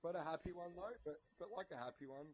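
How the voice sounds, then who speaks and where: A man's voice: on the high side, fast, husky, no echo, muffled recording. A man with an Australian accent calling in to a podcast, laid-back and joking. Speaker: caller. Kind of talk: casual phone-in chat.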